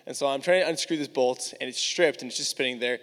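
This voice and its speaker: A man's voice: medium pitch, quick pace, a bit bright. A male preacher telling a personal story to his church in a candid, casual way, full of "like". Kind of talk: storytelling sermon. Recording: long reverb of a large hall.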